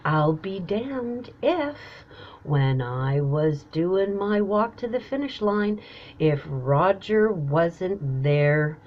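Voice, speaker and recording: A woman's voice: lowish voice, very slow. Chatty woman telling a story, dull audio. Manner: chatty, animated storyteller acting out quotes. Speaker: podcast host telling a personal story. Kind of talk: casual storytelling monologue.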